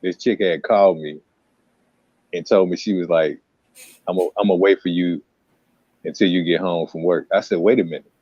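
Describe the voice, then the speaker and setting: A man's voice: low voice, fairly even intonation, moderate pace, long pauses, darkish tone, slightly rough, no echo. A man telling a story in casual podcast chat, laid-back and heavy on slang. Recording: dull lo-fi sound.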